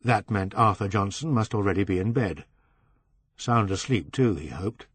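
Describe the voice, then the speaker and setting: A man narrating a novel as an audiobook reader, in a measured way that slows on descriptive phrases. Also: on the low side, lively intonation, breathy edge, no echo.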